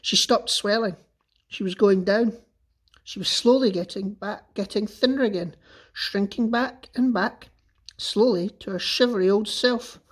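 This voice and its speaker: A man teacher reading a children's book aloud with expressive, lively storytelling. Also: high-pitched, measured pace.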